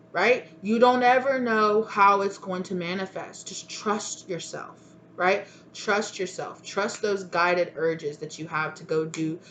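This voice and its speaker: Woman tarot reader, lowish voice, chatty and lively, faint background noise. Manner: chatty, animated, keeps asking "right?". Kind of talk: casual spiritual reading to camera.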